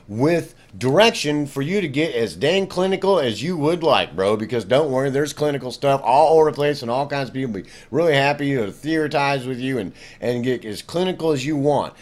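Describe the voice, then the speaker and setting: A middle-aged man giving a casual guitar lesson, rambling and conversational, peppering his talk with "you know" and "bro". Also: mid-range voice. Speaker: guitar teacher.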